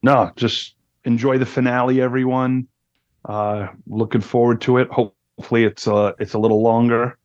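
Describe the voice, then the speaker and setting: A man with a mid-range voice co-hosts a casual TV podcast, relaxed and quick with a joke. His audio is dull and muffled, and the sound is dry. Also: mid-range voice, dry recording. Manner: joking, relaxed. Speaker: podcast co-host. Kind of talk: casual TV recap chat.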